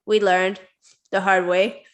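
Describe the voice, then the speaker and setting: A woman's voice: mid-range voice, little pitch movement, takes it slowly. Chatty giggly woman host. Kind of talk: casual interview chat.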